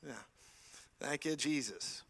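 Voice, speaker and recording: A man's voice: a little high, slow pace, fairly bright tone. A man preaching a sermon in church, telling stories animatedly and acting out the dialogue.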